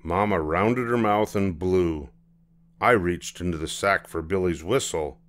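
An older man with a low-pitched voice reads a children's picture book aloud, telling the story at an unhurried, measured pace.

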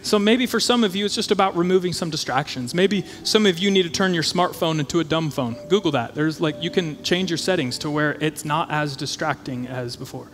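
A man preaching a sermon as a pastor, conversational and animated, acting out the voices of his listeners. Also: a little high, fairly quick, few pauses, slight background noise. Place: church auditorium. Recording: church hall reverb with faint music.

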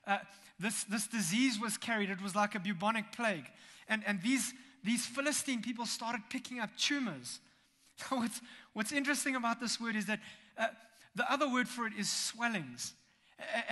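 Guy preaching in a big echoey church, lively storyteller, cracks jokes, crisp bright tone. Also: high-pitched. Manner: lively storytelling with humorous asides. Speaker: pastor. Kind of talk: sermon. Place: church sanctuary. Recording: long church hall reverb.

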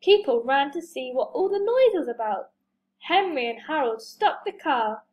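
A woman reading a children's storybook aloud, slow and expressive, lifting her voice for each character's lines. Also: high-pitched, rough recording. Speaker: reader.

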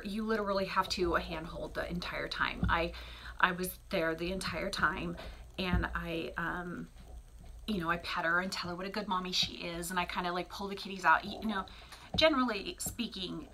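In her small bathroom, a middle-aged cat breeder vlogs casually, chatty and rambling with plenty of fillers, dropping to a soft whisper near the kittens. Her voice is lowish, with slight background noise.

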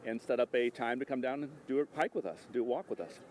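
A man working as a park ranger, calmly explaining guided walks outdoors. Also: mid-range voice, quick pace. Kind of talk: live TV interview.

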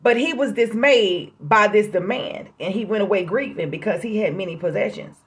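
A woman's voice: mid-range voice, normal speed. Folksy, emphatic woman preaching to her viewers. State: out of breath. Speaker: online preacher. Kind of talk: casual prophetic sermon vlog.

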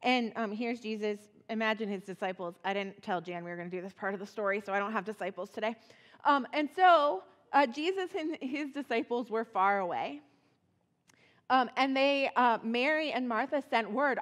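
A woman's voice: on the high side, brisk. Woman telling a children's sermon in church. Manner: casual, animated storytelling with acted-out quotes. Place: church sanctuary. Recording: long church reverb.

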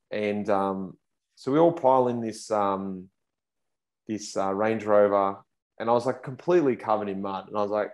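A man's voice: lowish voice, fairly quick. A man, telling a race story as a podcast guest and acting out quotes in a raised voice. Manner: animated, acts out quotes in raised voice. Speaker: podcast guest, pro cyclist. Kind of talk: casual storytelling.

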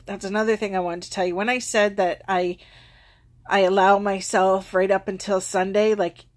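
A middle-aged woman talking straight to her viewers in a relaxed vlog. She tells her story in a chatty, self-deprecating way and laughs at her own mishaps. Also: mid-range voice. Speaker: vlogger. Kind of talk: casual personal storytelling.

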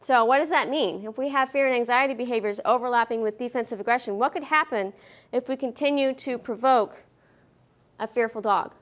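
A woman giving a veterinary behavior lecture at a conference, lively and questioning the audience, acting out what the dogs feel. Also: on the high side, brisk. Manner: lively, asks the audience questions, acts out dogs' thoughts. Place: conference hall.

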